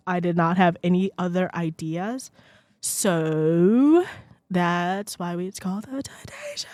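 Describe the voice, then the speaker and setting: A young woman hosting her own podcast, rambling and self-deprecating in casual chat, filling every sentence with "like" and drifting off the microphone now and then. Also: background noise. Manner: lively swings in pitch and loudness. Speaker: podcast host. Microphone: podcast microphone, sometimes speaking away from it.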